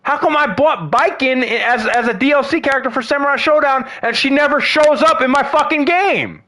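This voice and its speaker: A man's voice: very high voice, moderate pace, pushed and bright. A man ranting in a casual, profane monologue about fighting games, exasperated and slangy. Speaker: gaming vlogger.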